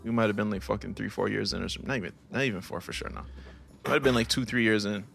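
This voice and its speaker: A man's voice: on the low side, rapid-fire, vocal fry, fairly bright tone, soft background music. A man co-hosting a podcast, telling a story in slangy casual chat. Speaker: podcast co-host.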